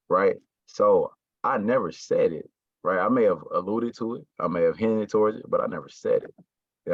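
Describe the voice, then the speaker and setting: A man's voice: fairly low pitch, a little fast, no room sound, dull audio. A man coaching his sales team in casual talk, stressing words and often checking in with "right?" and "you got me?".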